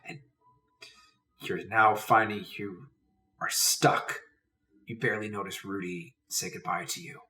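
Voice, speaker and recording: Deep-voiced game master narrating. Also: male voice, bright, forceful tone. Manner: dramatic second-person narration. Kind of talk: narrating a tabletop role-playing game. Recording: distant mic with faint hiss.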